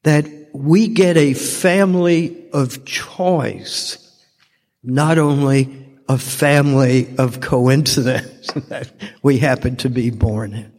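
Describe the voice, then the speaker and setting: A man's voice: mid-range voice, a little mellow. An older man giving a heartfelt personal testimony as a speaker at a recovery fellowship meeting. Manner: slow, heartfelt storytelling. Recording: long reverb from a large hall.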